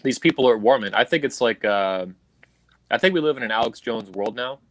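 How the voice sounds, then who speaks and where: A man's voice: mid-range voice, lively intonation, fairly quick, fairly bright tone. A man hosting a livestream, delivering a heated, profane political rant in an angry, emphatic way over a video call. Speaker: livestream host. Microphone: video call stream.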